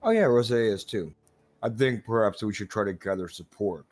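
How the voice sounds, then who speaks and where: A man playing a tabletop role-playing game, speaking calmly and dryly in character. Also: fairly low pitch, normal speed. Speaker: player.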